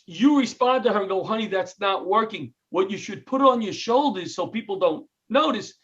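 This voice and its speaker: A middle-aged man from New York tells stories in an interview with a comic's timing, slipping into other people's lines as he goes. His voice sits high for a man. The sound is a bit dull and lo-fi. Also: moderate pace. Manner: animated, jokey storyteller who acts out quotes. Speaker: comedian and retired firefighter, guest. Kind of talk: storytelling interview.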